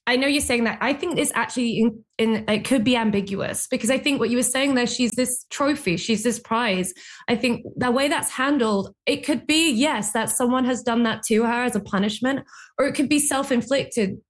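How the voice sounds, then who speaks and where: A woman's voice: fairly high pitch, normal speed. A woman in a podcast discussion, jumping in eagerly and thinking aloud. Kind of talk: casual discussion.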